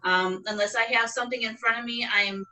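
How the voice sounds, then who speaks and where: A woman's voice: fairly high pitch, fairly even intonation, a little fast, sharp tone, far from the mic, low-quality recording. A woman guest on a video call, speaking nervously and hesitantly with many fillers. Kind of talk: casual video-call chat.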